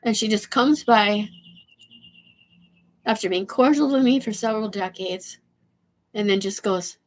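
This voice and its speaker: A woman livestreaming an emotional rant. Her voice is tearful, shaky and a bit hoarse, and she stammers, repeats herself and swears bluntly. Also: mid-range voice, a little slow, pauses often. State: hoarse from losing voice. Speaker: livestream host.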